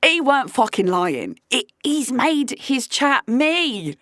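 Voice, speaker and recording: A woman, a podcast host telling a story casually, animated and incredulous, swearing freely. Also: sits high, takes it slowly, dry recording, clean studio sound.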